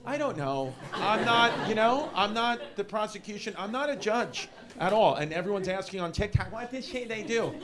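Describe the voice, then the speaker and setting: A man with a New York accent doing a rambling, animated stand-up set in a comedy club, shouting some punchlines. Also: high voice, moderate pace. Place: comedy club with a laughing audience. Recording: live club recording with audience noise.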